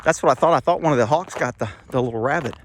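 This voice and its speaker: A man's voice: mid-range voice, rapid-fire, slight background noise. A middle-aged man, rambling bluntly while walking outdoors, slightly out of breath, recorded on a phone. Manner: rambling, blunt, chuckling asides. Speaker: vlogger. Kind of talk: casual walking monologue. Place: outdoors on rural property. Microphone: phone held while walking.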